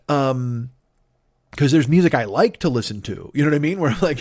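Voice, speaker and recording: A man's voice: mid-range voice, animated, fast talker, a little mellow, no room sound. A man, a comedian hosting his podcast, rambling through a playful, profane solo monologue on a close mic.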